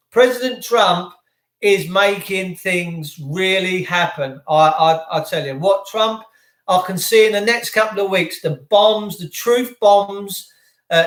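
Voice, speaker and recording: A man hosting a live stream from home, talking to viewers in an excitable, effusive, rambling way. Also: high-pitched, reverberant. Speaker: channel host. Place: indoors at home.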